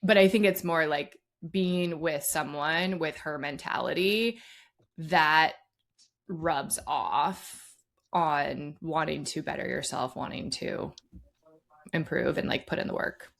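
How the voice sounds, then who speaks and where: A woman's voice: low-pitched, slow pace, vocal fry, a bit bright. A woman co-hosting a sports podcast, talking casually with lots of fillers. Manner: chatty, many "like" fillers. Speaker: podcast co-host.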